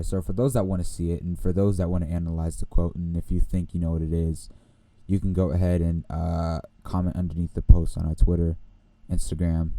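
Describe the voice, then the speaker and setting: Low-voiced young man telling a rambling story. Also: dry recording. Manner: rambling, animated, laughs often, acts out voices. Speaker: podcast host. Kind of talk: casual storytelling.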